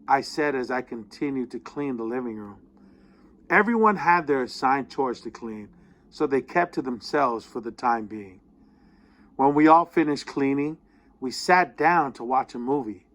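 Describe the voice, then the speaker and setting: A man reading a student's personal essay aloud, with expressive storytelling that slows down at the tense moments. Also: medium pitch.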